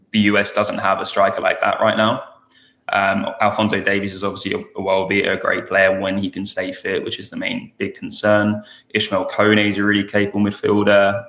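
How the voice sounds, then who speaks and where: A low, gravelly man speaks in a flat, even tone, weighing both sides in a measured way. His voice comes through with a noticeable roomy echo, as on a remote podcast line. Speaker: guest, former pro defender. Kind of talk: casual podcast interview.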